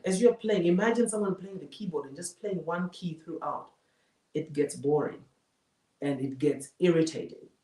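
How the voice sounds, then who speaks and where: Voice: medium pitch, darkish tone. A public speaking coach giving a live masterclass lecture, emphatic and fond of repeating key phrases for effect. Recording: roomy echo, mic far from speaker.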